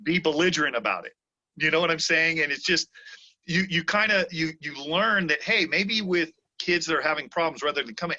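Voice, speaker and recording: A man's voice: a little high, brisk, sharp tone. A man hosting a podcast and talking about martial arts and refereeing in a casual, earnest way. He often repeats himself and asks "you know what I'm saying?". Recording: dull lo-fi audio.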